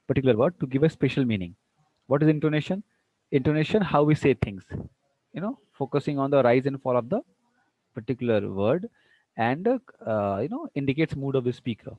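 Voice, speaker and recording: A man with an Indian English accent teaching an online English class, explaining slowly and asking the students whether they follow. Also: medium pitch, big pitch swings, warm tone, no echo. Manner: explains slowly, mixes in Hindi words, asks students if clear. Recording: muffled, lo-fi audio.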